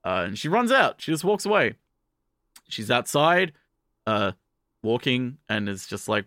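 A man casually recapping an anime plot for a podcast, jumping into quick character voices as he goes. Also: mid-range voice, dry recording, clean studio sound. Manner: animated, acts out characters' lines in quick voices.

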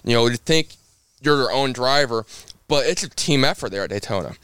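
A man's voice: medium pitch, brisk, smooth, dry recording. A young man from Indiana, a race car driver, telling stories in a casual podcast interview and acting out the quotes. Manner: lively storyteller who acts out quotes.

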